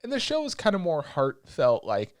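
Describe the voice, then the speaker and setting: A young man co-hosting a podcast, recapping anime in a rambling, excitable way with lots of filler words and swearing. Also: a little high, normal speed, no room sound, clean studio sound. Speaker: podcast co-host. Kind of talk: casual chat recapping anime episodes.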